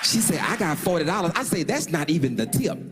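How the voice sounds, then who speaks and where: A man doing stand-up, telling a dating story with animated delivery and loud bursts while acting out the people in it. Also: on the high side, fairly quick, big-room sound, over loud music. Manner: animated, acts out other voices, loud bursts.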